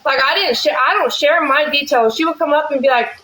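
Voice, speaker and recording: A woman in casual chat who talks fast and rambles, blunt and profane. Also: high voice, pushed and bright, roomy sound, low-quality recording. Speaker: livestream guest.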